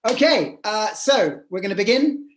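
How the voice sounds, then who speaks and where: Woman hosting a live show over a video call, chatty, lots of ums and restarts, medium pitch. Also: expressive, moderate pace, echoey room, slight background noise. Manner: chatty, hesitant, full of fillers and restarts. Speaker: host.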